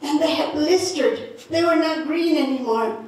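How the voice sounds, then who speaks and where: A woman from northern New Mexico tells a folk tale slowly and animatedly, with a high voice. She often laughs along with her story. The sound is heavily echoey and distant. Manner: lively, laughing, slow telling. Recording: echoey, from far off.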